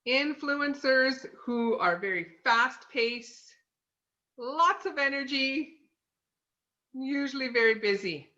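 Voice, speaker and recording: A woman's voice: a little high, pushed and bright, lo-fi sound. A woman giving a casual lesson from her home office in a chatty manner, full of fillers and "okay?" check-ins. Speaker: sales consultant teaching personality types. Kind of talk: casual instructional talk.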